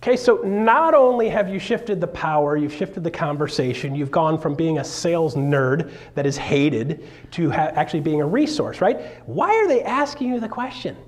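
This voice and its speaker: A man giving a live stage talk to an audience, jokey and animated, acting out quotes as he tells stories. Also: on the high side, normal speed. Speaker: seminar speaker.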